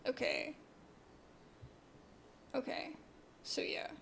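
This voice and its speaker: A woman's voice: very slow, a bit bright. A woman streamer chatting casually and rambling while playing a game. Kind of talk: casual gameplay commentary.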